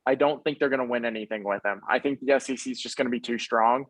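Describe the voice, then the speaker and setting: A man's voice: medium pitch, quick pace, no echo, rough recording. Laid-back young man chatting about sports. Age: young adult. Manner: rambling, laid-back, lots of fillers. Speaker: podcast co-host. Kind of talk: casual sports chat.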